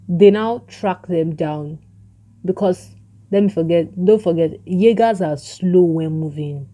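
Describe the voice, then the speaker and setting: A woman giving an excitable, casual recap of a show's plot, acting out the characters' lines. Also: on the low side, slow pace. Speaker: show recap vlogger.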